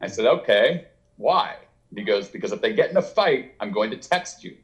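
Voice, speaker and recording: A man's voice: on the low side, normal speed, lo-fi sound. A man speaking as an author guest in a casual interview, telling a long, rambling story and acting out what people said. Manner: rambling, animated, acts out quotes with laughs.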